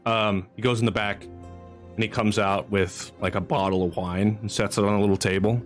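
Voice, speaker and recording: A man's voice: fairly low pitch, steady tone, normal speed, soft background music. Laid-back male game master. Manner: laid-back, laughs easily. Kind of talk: narrating a tabletop game.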